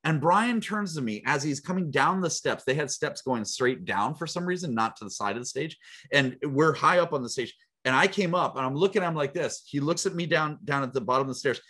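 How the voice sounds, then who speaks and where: A middle-aged man, a guest speaker and coach, telling his story in an interview with lively acted-out quotes and frequent laughs. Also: fairly high pitch, a little fast, husky. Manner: animated storyteller, acts out quotes, laughs often. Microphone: small mic worn on body.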